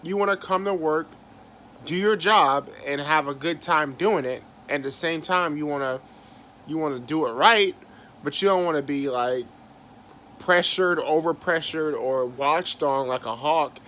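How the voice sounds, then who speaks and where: A man's voice: on the high side, measured pace, fairly bright tone, a little hiss or hum. A young man, venting about his job in a heated, profane rant and repeating himself as he talks. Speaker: vlogger venting about work. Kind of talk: angry casual rant.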